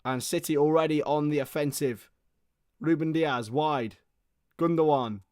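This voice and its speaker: A young man giving excitable live football play-by-play on a stream, his voice starting to go hoarse, greeting viewers between plays. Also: a little high, measured pace, no room sound, clean studio sound. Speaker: football watchalong host.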